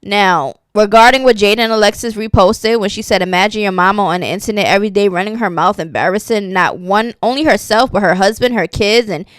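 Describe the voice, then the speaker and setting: A woman's voice: mid-range voice, fairly quick, few pauses, clear, resonant tone, no echo, studio quality. A woman giving sassy, casual gossip commentary, reading posts aloud and reacting to them. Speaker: commentary channel host.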